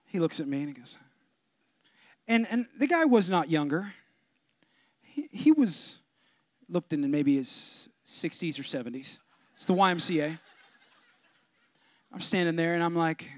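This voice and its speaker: A man preaching a sermon as pastor, telling a comic story and swinging from low asides to loud preaching. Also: lively intonation, measured pace, long pauses, no echo. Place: church.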